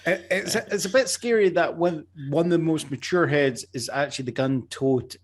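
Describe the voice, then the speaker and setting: A man's voice: on the high side, normal speed. A man playing a tabletop game, rambling in a wry way. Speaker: player.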